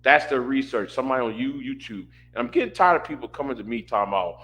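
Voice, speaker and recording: A man rants in an exasperated, repetitive way, stumbling over his words as he restarts sentences. His pitch sits in an ordinary middle range for a man. He sounds tired of the people he is answering. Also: expressive, fast talker, hardly any pauses, fairly bright tone. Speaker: commentator reacting to a panel stream. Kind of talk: casual rant.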